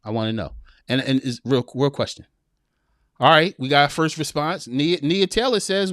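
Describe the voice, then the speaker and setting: A middle-aged man preaches to his listeners in loose, slang-filled talk and reads their comments aloud. His voice sits a little high for a man. The sound is dry and close, with no room around it. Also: big pitch swings, normal speed, pauses often, a bit bright, no room sound. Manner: preachy, laughs a lot, drawls with slang. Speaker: podcast host reading live chat. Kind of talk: casual live-stream commentary.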